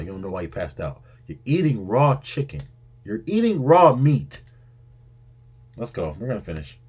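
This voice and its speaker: A man hosting a reaction video, talking in an exasperated, animated way, often repeating himself and tripping over his words. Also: mid-range voice, slightly rough.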